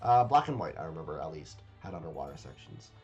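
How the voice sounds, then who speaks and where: A man's voice: extremely low pitch, sing-song, fast talker, a little mellow, breathy edge, lo-fi sound, soft background music. A man reacting to a game trailer in casual commentary, rambling and hesitant with lots of fillers and repeated words, recorded at a home webcam setup.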